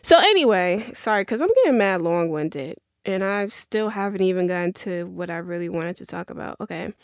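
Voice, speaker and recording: A woman's voice: on the low side, animated, fairly quick, dry recording, studio quality. A young woman hosting a podcast, telling a rambling story in casual chat with many fillers and asides. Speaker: podcast host.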